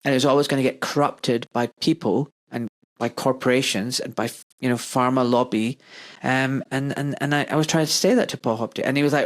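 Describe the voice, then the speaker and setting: A man's voice: medium pitch, fairly even intonation, a little fast. A man, a doctor hosting a podcast, talking in an impassioned, emphatic rant that keeps circling back to its points. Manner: impassioned ranting, emphatic and repetitive. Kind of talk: podcast conversation.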